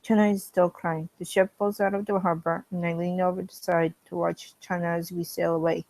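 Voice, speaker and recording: A woman with a lowish voice and a strained throat reads a fan story aloud, steady and plain. She drops in chatty asides to viewers between passages. The sound is dry and close. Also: brisk, no room sound, poor audio. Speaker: fan reading fanfiction in character.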